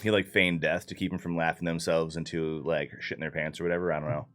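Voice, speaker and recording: Guy with a really low voice going over last session, cusses a lot, faint guitar behind. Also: little pitch movement, fast talker, fairly bright tone. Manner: loose and profane, with frequent fillers. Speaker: player recapping the campaign. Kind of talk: casual recap of a tabletop game.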